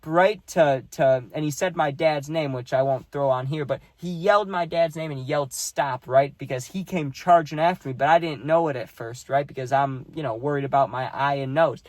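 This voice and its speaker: A young man tells a story straight to the listener, his voice sitting a bit high for a man. He talks casually and animatedly, peppering his sentences with "like" and "dude". The sound is dry and close, with no room around it. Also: no echo. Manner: animated, heavy use of "dude" and "like".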